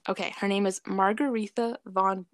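A woman's voice: mid-range voice, steady tone, normal speed, no echo. A woman co-hosting a podcast in casual chat, talking in a hesitant way with many fillers. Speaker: podcast co-host.

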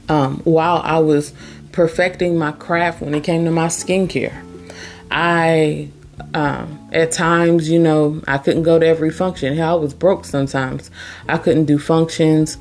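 This woman hosts her own podcast, and her voice sits low and a little mellow. In a casual motivational monologue she speaks earnestly and emphatically, repeating her key points.

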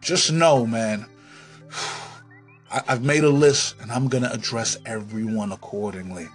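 Guy on his podcast ranting hard, lots of swearing, yells then drops to a grumble, faint music under it. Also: mid-range voice, a little slow. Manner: profane, swings from yelling to muttering. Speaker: podcast host. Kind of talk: comic rant.

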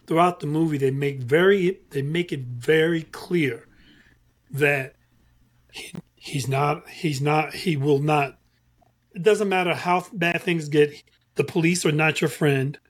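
A man in casual podcast chat, measured and earnest as he makes his point. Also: on the high side.

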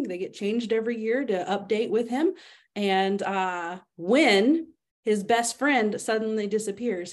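A woman guest on a library podcast, summarizing a book in a steady, clear way. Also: mid-range voice. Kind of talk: casual book talk.

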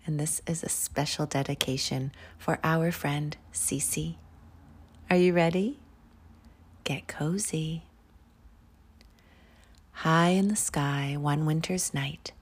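A woman reads a children's picture book aloud in a soft, half-whispered, soothing voice. Her tone is husky with a gravelly fry, and she takes her time with every phrase. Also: fairly low pitch. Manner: hushed, slow and soothing. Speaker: storyteller host.

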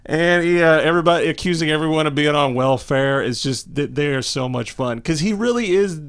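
Higher-voiced man, excited podcast chat. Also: fairly quick, clean tone. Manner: enthusiastic, animated storytelling. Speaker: podcast co-host. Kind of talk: casual chat.

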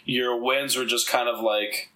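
A man's voice: mid-range voice, fairly even intonation, measured pace, sharp tone, rough recording. A man talking as a comedian guest on a casual podcast, rambling and swearing as he tells stories. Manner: rambling, profane, laughs while telling stories.

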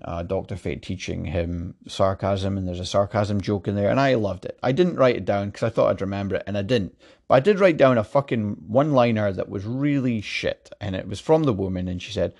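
Scottish man, gravelly low voice, sweary film-review rant. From Scotland. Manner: sweary, exasperated, frequent restarts.

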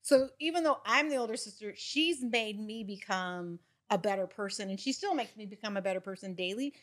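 A middle-aged woman hosting a casual podcast chat, an animated storyteller who acts out what her friends said. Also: medium pitch, fairly quick. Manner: chatty, animated storyteller acting out quoted friends. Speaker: podcast host.

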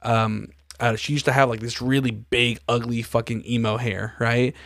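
A man's voice: medium pitch, little pitch movement, moderate pace, fairly bright tone, no echo, studio quality. Profane storytelling podcast man. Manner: profane storytelling, acts out quoted dialogue. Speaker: podcast host. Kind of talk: casual chat.

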